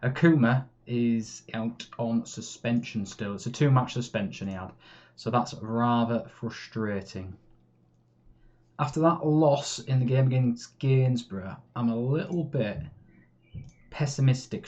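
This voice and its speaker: A man talks over his own game, narrating plays as they happen in a chatty, easily frustrated way. His voice sits at an average pitch with a mellow, dark tone. The recording is a bit muffled and lo-fi, like a basic home mic. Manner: chatty, swings between calm and exasperated. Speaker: gaming YouTuber. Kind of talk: live game commentary.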